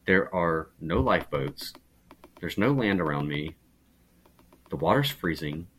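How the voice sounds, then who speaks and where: A man's voice: low-pitched, animated, measured pace, fairly bright tone, a little hiss or hum. A man talking in a casual podcast chat, reflective and earnest, often restarting his sentences. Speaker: podcast guest.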